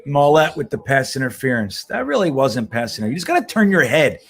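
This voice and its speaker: A man's voice: medium pitch, big pitch swings, quick pace, husky. Chatty man hosting a live watch-along. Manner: loose, profane, chatty, reacts to plays. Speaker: livestream host. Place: home in Miami.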